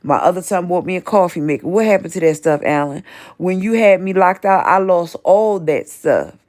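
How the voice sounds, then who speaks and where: At normal speed and on the low side, her voice a little mellow, a woman in her 50s hosts a livestream. Working through the chat, she directly addresses and confronts people she names, repeating herself throughout the rant.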